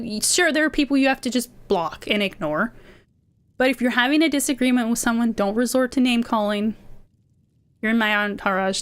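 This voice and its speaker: Woman streamer, slightly higher voice; casual rambling chat, passionate with an indignant edge. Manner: passionate, can sound indignant; rambling, many fillers. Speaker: VTuber streamer.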